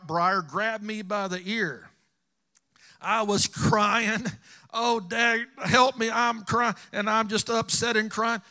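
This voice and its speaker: A man's voice: high voice, pushed and bright. A middle-aged man preaching a sermon, telling personal stories earnestly to his congregation. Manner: storytelling, earnest, addresses congregation.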